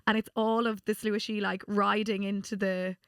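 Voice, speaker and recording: A woman co-hosting a podcast in casual chat, chipping in with quick remarks. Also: mid-range voice, flat delivery, fairly bright tone, clean tone, no room sound, clean studio sound. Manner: chatty, quick interjections, laughs along. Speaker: podcast co-host.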